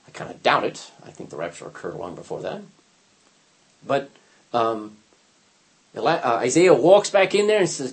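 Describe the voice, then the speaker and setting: A man's voice: mid-range voice, very animated, moderate pace, long pauses. An older man teaching an informal Bible lesson, telling stories animatedly with frequent restarts and acted-out quotes.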